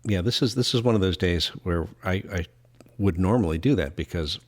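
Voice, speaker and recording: A man's voice: deep voice, a little fast. A man co-hosting a podcast in casual chat, talking in an easygoing, chuckling way with many fillers. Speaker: podcast co-host.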